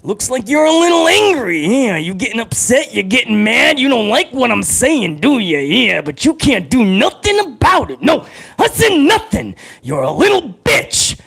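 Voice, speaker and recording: A man's voice: extremely high pitch, very animated, gravelly, fairly bright tone, breathy edge, pitched above the performer's own voice, heavily acted. A man doing a growling boastful wrestler impression. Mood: taunting. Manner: taunting, punctuated with drawn-out "oh yeah". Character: boastful growling trash-talking male pro wrestler.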